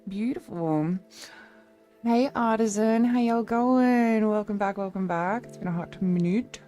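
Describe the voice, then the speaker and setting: A woman's voice: medium pitch, a little slow, dark tone, faint music behind. A young woman streamer in a casual live-stream chat, rambling along and thanking her viewers by name.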